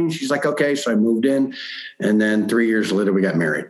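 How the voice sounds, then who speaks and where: A man telling a story in a casual interview, rambling with lots of halting restarts. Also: fairly low pitch. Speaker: comedian guest. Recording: roomy echo.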